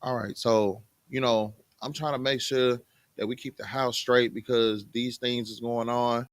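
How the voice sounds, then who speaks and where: A man voicing a calm wife who politely asks her husband for help around the house. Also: medium pitch, a little slow, dry recording, voice pushed down, lightly acted. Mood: pleading gently. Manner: soft, polite and patient.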